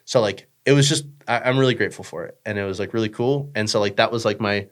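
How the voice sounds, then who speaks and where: A man's voice: lowish voice, fast talker. A young man chatting casually as a podcast guest, rambling with lots of fillers, swearing and joking. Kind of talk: casual chat.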